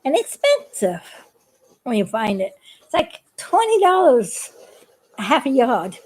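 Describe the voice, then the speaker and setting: A woman's voice: high voice, big pitch swings, measured pace, a little mellow, husky, rough recording. A woman who makes puppets, chatting casually and giggling as she shows how she builds them. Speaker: puppet maker. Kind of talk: casual craft demonstration.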